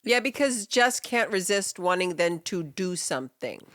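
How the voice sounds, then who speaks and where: Lively woman co-host, bright expressive voice. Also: fairly low pitch, moderate pace, no room sound, clean studio sound. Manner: expressive storyteller, acts out quotes. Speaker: podcast co-host. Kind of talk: casual chat.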